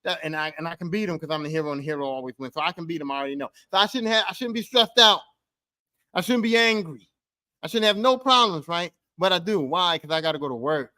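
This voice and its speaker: A man hosting a podcast, delivering a profane, animated comic rant that swings from low mutters to loud outbursts. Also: quick pace, no room sound, studio quality. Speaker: podcast host. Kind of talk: casual comedic monologue.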